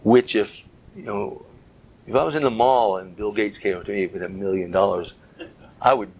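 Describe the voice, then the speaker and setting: A man's voice: medium pitch, poor audio. A man giving a Bible teaching talk as a preacher, earnest, speaking in short phrases and stressing key words.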